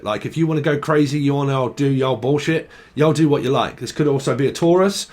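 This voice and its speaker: A man's voice: medium pitch, quick pace, hardly any pauses, a little mellow. A young man giving a casual tarot reading, rambling and swearing as he thinks aloud. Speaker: tarot reader.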